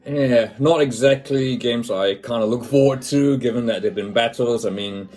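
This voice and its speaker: A man from New Zealand previewing rugby matches in casual commentary, talking in a halting way with many fillers, as if thinking aloud. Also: medium pitch, a little mellow.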